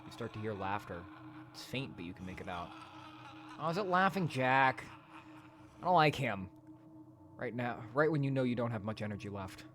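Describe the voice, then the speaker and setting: A man playing through a horror dating game, reading its text aloud in a hushed voice. He breaks into loud, profane commentary, his voice swinging widely in pitch. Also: big pitch swings, moderate pace, pauses often, a little hiss or hum. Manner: reads quietly, then bursts into loud, profane rants. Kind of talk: let's play narration and commentary.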